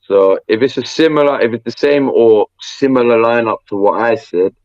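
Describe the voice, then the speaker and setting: A man co-hosting a casual sports podcast, telling stories in an animated way. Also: mid-range voice, moderate pace, no room sound, lo-fi sound. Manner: animated storytelling. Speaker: podcast co-host. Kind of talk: casual chat.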